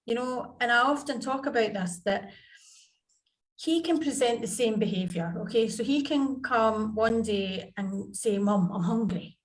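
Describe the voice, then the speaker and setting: This parenting coach, a guest on a podcast, talks through family anecdotes in a chatty interview over video call, playing out the dialogue herself. Her voice runs a bit high and a little slow.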